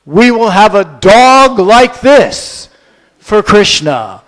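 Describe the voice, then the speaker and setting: A man voicing an elderly male spiritual teacher who speaks slowly and with weight. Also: high voice, very animated, fairly bright tone, big-room sound, full character voice, rough recording. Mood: grand.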